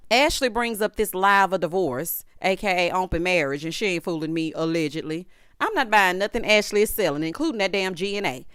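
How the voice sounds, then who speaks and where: A woman's voice: medium pitch, a bit bright, clear, resonant tone, no room sound, clean studio sound. Sassy woman recapping reality TV. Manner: sassy, sarcastic, loose slangy talk. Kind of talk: opinionated casual recap commentary.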